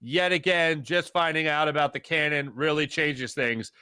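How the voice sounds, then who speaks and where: A man hosting a live sports talk show, reading viewer chat in a jokey, animated way and greeting chatters with loud excitement. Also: a little high, normal speed, smooth, no room sound, studio quality.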